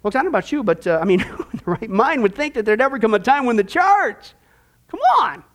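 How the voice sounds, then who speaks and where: A man's voice: very high-pitched, sing-song, quick pace. A man preaching a sermon-style Bible lesson, emphatic and sarcastic, full of rhetorical questions.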